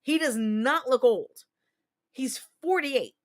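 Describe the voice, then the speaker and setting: A woman's voice: high-pitched, slow pace. A woman in her thirties hosting a casual livestream chat, talking candidly and profanely as she tells stories and answers viewer comments. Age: 30s. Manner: candid, profane, chatty storyteller. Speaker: livestream host.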